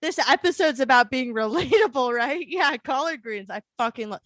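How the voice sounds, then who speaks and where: A woman's voice: high-pitched, lively intonation, moderate pace, fairly bright tone, dry recording. A woman in her twenties from the American South, co-hosting a podcast in a casual chat, swearing and laughing often. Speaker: podcast co-host.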